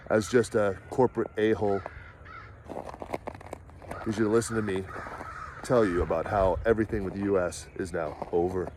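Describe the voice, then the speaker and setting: A man impersonating a pompous, droning middle-aged male politician who makes slow, solemn, self-important pronouncements while he walks outdoors. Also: on the low side, steady tone, background noise, lightly acted. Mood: smug solemn. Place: outdoors in woods, walking.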